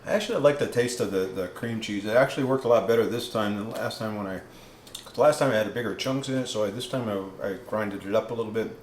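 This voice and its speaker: A man's voice: fairly low pitch, fast talker, echoey room, slight background noise. A man hosting a casual cooking vlog, rambling with many ums and restarts, sometimes talking while tasting food. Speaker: keto cooking vlogger.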